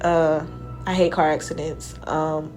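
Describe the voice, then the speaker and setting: A young woman hairstylist talking casually to the camera in a vlog, retelling events in an emotional, chatty way and often trailing off softly. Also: low voice, level tone, a little slow, music in the background. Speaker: hairstylist vlogger.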